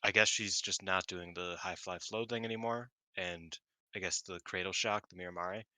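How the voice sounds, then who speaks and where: A man co-hosting a wrestling review podcast, chatting casually and excitably, swearing and rambling. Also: low voice, moderate pace, no room sound. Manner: excitable, swears, long-winded, laughs often. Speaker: podcast co-host.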